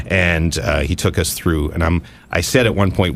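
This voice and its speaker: Podcast host guy, kinda low voice, animated storytelling, faint hum behind. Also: moderate pace, creaky. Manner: animated storyteller, acts out quotes. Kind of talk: casual chat.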